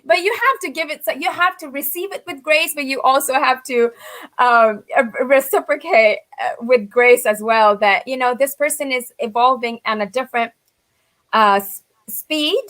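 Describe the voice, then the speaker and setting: A woman's voice: high-pitched, normal speed, fairly bright tone. A woman guest speaking earnestly in a panel conversation, leaning on "you know" as she thinks aloud. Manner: earnest, filler-heavy with frequent "you know".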